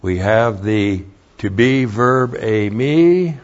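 A man teaching from the Bible, slow and emphatic, repeating key phrases for emphasis. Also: fairly low pitch, expressive. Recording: dull lo-fi recording.

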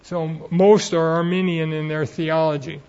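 A man's voice: on the high side, little pitch movement, measured pace, darkish tone, clean tone. A man giving a theology lecture in an earnest, explanatory way, weaving in personal stories. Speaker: Bible teacher. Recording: dull lo-fi recording.

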